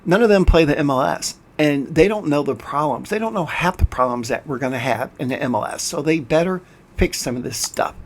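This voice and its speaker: An older man, host of a gaming channel, plays and rants in frustration over screen capture, regularly stumbling and restarting his words. His voice is a little high, expressive, and fairly quick, with slight background noise.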